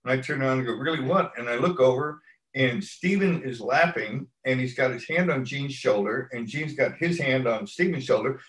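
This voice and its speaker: A man's voice: medium pitch, fairly bright tone, roomy sound, low-quality recording. A man in an interview telling a long story at an easygoing ramble, acting out what people said. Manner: rambling anecdotal delivery, acts out quoted lines. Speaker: stunt coordinator, interview guest.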